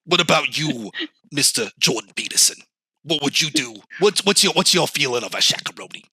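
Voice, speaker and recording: Man putting on a bombastic sports pundit, emphatic, preachy, deep put-on voice, dry close sound. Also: animated, a little fast, sharp tone, husky, no echo, full character voice. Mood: ranting.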